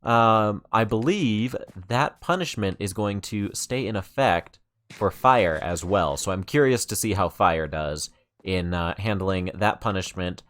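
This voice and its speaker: A man hosting let's-play commentary, rambling with many fillers and growing excited at what he shows. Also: fairly low pitch. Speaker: gaming channel host.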